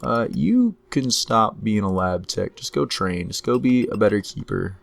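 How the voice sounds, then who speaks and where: A man commentating his own strategy game play in a relaxed way, talking through each move while he is losing his voice. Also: on the low side, vocal fry. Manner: unhurried, talks through each move to himself. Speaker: gameplay commentator.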